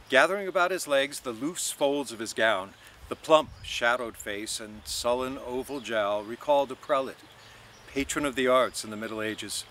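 A man reading a novel aloud in measured, expressive narration. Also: mid-range voice, a little hiss or hum. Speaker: reader.

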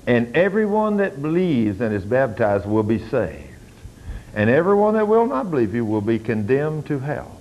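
An older man, preaching a sermon as a pastor and rising to loud, fervent commands. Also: medium pitch, sing-song, normal speed, highs cut off, slight background noise.

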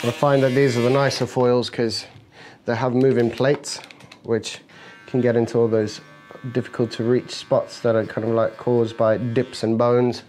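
A man's voice: medium pitch, moderate pace, over music, poor audio. Barber explaining cuts as he works. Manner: relaxed, instructive, joking with his client. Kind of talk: narrating a haircut while working. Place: barbershop, indoors. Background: electric clippers buzzing.

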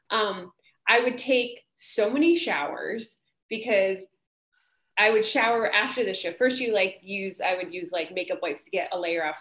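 Chatty actress, roomy echo. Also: female voice, medium pitch. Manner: animated, chatty, acts out quoted voices, many fillers. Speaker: Broadway actress guest. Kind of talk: casual storytelling.

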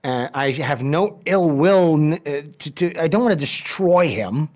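A man's voice: fairly high pitch, animated, a little slow, a little mellow. Male podcast guest, rambling profane storyteller, frequent restarts.

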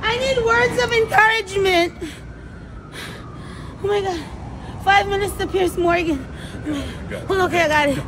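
A woman from the United States, a comedian rambling nervously backstage in a loud, shrieky, manic way, screaming at times. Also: very high voice, moderate pace, pauses often. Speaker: comedian and performer. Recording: noisy background.

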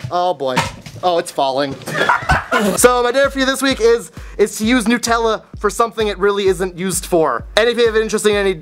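A man's voice: high-pitched, fairly bright tone. A young man hosting a comedic dare vlog and making goofy, wry asides. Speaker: host of a dare show.

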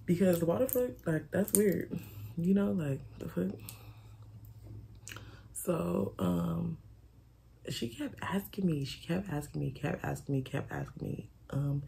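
Woman, casual storytime vlog, very gravelly fry, candid and profane, faint background hiss. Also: on the low side, slow, pauses often, dark tone. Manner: candid, swearing, repeats herself, quotes friends dramatically.

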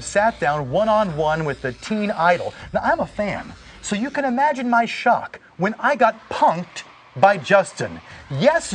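A middle-aged man hosting a TV entertainment segment, talking in a playful, animated way. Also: high-pitched. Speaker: TV entertainment host.

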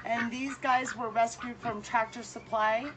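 A woman who co-founded an animal sanctuary speaks earnestly and with deep gratitude, then talks outdoors at the sanctuary. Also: fairly even intonation, unhurried, background noise. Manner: emotional, grateful, earnest. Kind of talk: heartfelt address, then outdoor tour.

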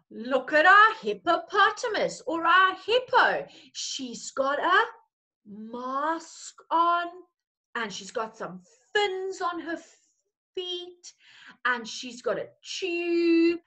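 A woman's voice: very high voice, animated, drawn-out words, sharp tone. A woman teacher, reading a picture story to young children in a playful, coaxing way.

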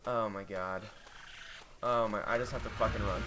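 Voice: mid-range voice, steady tone, normal speed, pauses often, fairly bright tone, soft background music. A let's play gamer giving live gameplay commentary, panicky and shrieking, swearing constantly.

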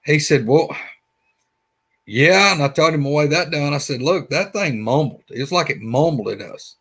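A man's voice: a little high, expressive, normal speed, gravelly, fairly bright tone, husky. Rambling Alabama man telling a story. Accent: Southern US, Alabama. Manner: rambling, folksy, repeats himself. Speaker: guest. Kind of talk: casual storytelling.

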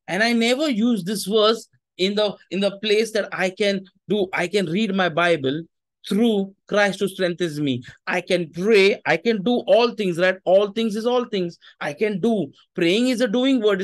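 High-voiced man preaching a sermon. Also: a little slow, no room sound. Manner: conversational preaching, mixing in Hindi asides. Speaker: pastor.

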